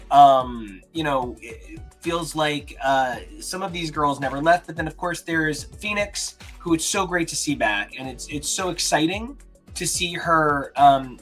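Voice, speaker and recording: A man co-hosting a casual reaction chat, talking in animated bursts of rapid-fire questions and mock outrage. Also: on the high side. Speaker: podcast co-host.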